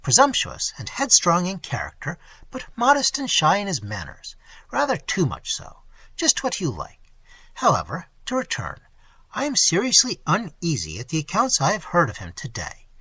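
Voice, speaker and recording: A man's voice: high voice, huge pitch swings, moderate pace, sharp tone, breathy edge, full character voice. A man reading aloud and voicing a respectable middle-aged husband, earnest and slightly pompous.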